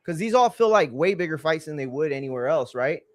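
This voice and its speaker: On his live watch-along stream, a man rambles through slangy stories in casual chat, with "bro" coming up constantly. His voice is on the high side, expressive and fairly quick, and the recording is dry.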